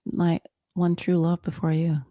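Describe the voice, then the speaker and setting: A woman with a lower voice co-hosts a casual podcast, telling lively stories and guessing at diagnoses. Her sound is close and dry, with no room around it. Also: unhurried, dry recording. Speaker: podcast co-host, physician.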